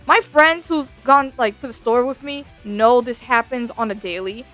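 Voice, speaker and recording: A woman's voice: on the high side, moderate pace, soft background music. A woman VTuber telling a story in a casual, slangy rant, swearing freely. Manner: animated, slangy, swears a lot.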